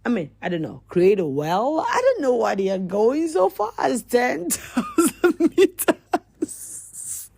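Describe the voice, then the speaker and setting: A woman hosts a comedic news riff, her fairly high voice swinging widely in pitch as she exclaims and laughs her way through. She rambles and circles back on her own words. The sound is dry and close, with almost no room around her. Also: animated, takes it slowly, creaky, a little mellow, no echo. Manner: rambling, repeats herself. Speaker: podcast host.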